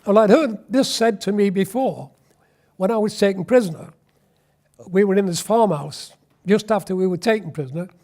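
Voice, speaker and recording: A man's voice: high voice, normal speed, a little mellow. A man, telling a wry, anecdotal war story in an oral history interview. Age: 80s.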